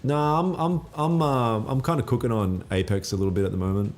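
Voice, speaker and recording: A man's voice: mid-range voice, fairly quick, faint music behind. A man hosting a live trading stream, answering viewer comments in a laid-back, slangy, blunt way and swearing now and then. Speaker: trading livestream host.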